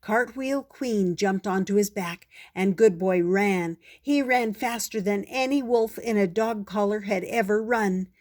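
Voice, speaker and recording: Older woman, storybook reader; slow, gentle, unhurried delivery. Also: mid-range voice. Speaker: storyteller grandmother. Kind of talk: reading a children's book aloud.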